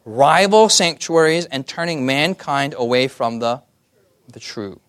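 A man's voice: medium pitch, lively intonation, a little slow, a bit bright, clear, resonant tone. A young man preaching a sermon, often putting questions to the audience and asking for amens.

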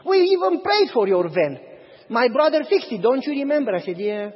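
Speaking at normal speed in a very high, husky voice, a pastor preaches a sermon built around stories, animatedly performing each line of dialogue. The recording is dull, with lengthy hall reverb.

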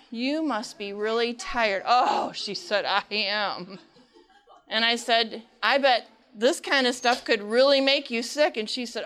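A woman's voice: on the high side, fairly bright tone, clear, resonant tone. A woman giving a sermon-style talk on faith and mental health, speaking conversationally, asking the audience questions and retelling counseling stories with quoted dialogue. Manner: asks the audience rhetorical questions.

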